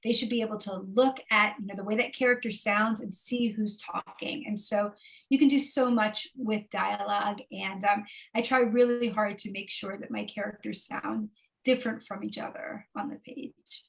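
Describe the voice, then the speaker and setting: A woman's voice: mid-range voice, steady tone, moderate pace, vocal fry, poor audio. A woman author answering interview questions over a video call, chatty, with frequent fillers and asides. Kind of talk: casual interview talk. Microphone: remote video call.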